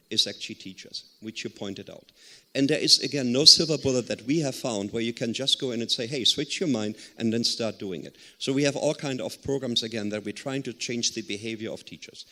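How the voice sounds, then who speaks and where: A man's voice: mid-range voice, lively intonation, fairly quick, pushed and bright. A man answering as a panelist, telling a story earnestly with some hesitant fillers. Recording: long hall reverb.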